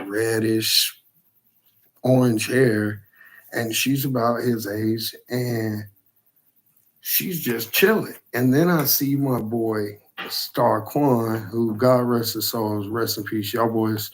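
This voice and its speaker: A man casually telling a profane, animated story about a frightening night. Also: lowish voice.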